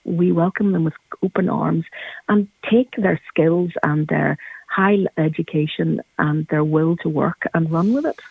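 A woman's voice: sits low, measured pace, gravelly, breathy edge, no room sound. A Northern Irish woman calling in to a radio show, speaking passionately and with emphasis. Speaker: caller. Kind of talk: radio phone-in call. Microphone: phone. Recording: tinny phone line.

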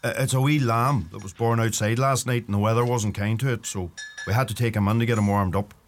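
A man's voice: lowish voice, steady tone, fast, slight background noise, natural voice. An actor playing a cheeky young Irish farm son who teases his uncle, with an Irish accent. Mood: polite. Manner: cheeky, teasing banter. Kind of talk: comedy sketch acting.

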